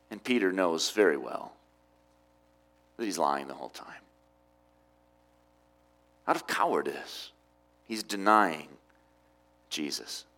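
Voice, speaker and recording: A middle-aged man preaching a sermon, with emphatic rises and quiet drops. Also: fairly low pitch. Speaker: pastor.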